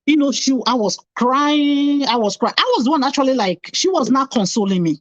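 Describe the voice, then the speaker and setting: A woman's voice: high voice, lively intonation, normal speed, hardly any pauses, dry recording, highs cut off. A middle-aged woman telling a painful personal story earnestly, repeating phrases for emphasis. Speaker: guest telling her story.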